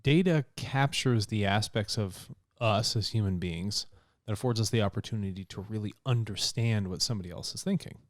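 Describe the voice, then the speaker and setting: Low-voiced man chatting on a podcast. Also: moderate pace, few pauses, no room sound, studio quality. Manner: laughs easily, loose and conversational with many fillers. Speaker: podcast co-host. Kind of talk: casual podcast chat.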